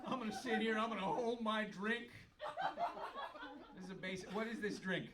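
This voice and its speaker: A man doing a stand-up comedy set on a club stage, riffing sarcastically with sudden loud outbursts. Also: high voice, normal speed. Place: comedy club stage before a laughing crowd. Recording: live club recording, crowd laughter, from far off.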